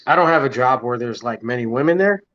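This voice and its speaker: A man's voice: mid-range voice, animated, quick pace, no room sound. A man in casual podcast chat who jokes in a blunt, profane way. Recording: dull, lo-fi audio.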